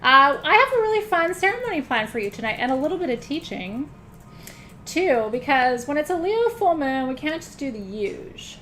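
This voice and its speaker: A woman's voice: high-pitched, sing-song, normal speed, bright, forceful tone, a little hiss or hum. A middle-aged woman hosting a live-streamed spiritual ceremony, chatting casually, joking about herself and swearing lightly. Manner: joking, self-mocking, swears casually, laughs often. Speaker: host of an online spiritual ceremony.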